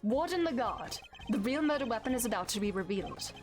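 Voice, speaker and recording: Woman voicing a calm formal prosecutor, measured delivery, game music behind. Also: on the high side, natural voice. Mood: composed. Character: composed, formal male prosecutor.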